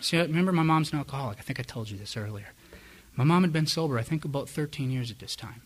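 A man's voice: medium pitch, fast talker. A man giving personal testimony at a recovery meeting, candid and self-deprecating, with wry chuckles. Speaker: speaker sharing his story at a recovery meeting.

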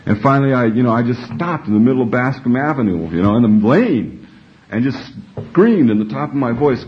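A man's voice: mid-range voice, big pitch swings, brisk. A man telling his recovery story to a group, salty and profane, laughing often as he talks. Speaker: speaker sharing at a recovery meeting. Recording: dull lo-fi recording, faint noise.

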